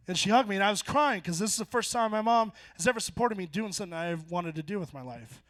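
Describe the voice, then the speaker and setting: A young man in his twenties performing a stand-up set on a bar stage, telling stories deadpan and then jumping into loud punchlines. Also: sits high, fast, hardly any pauses. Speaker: stand-up comedian. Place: bar stage before a live audience.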